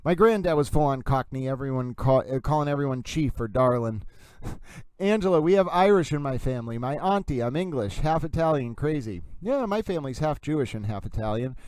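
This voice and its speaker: A man's voice: mid-range voice, expressive, a little fast, a little mellow, no room sound. A man hosting a casual livestream, reading viewer comments aloud and answering them in a rambling way with many fillers. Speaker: livestream host reading chat.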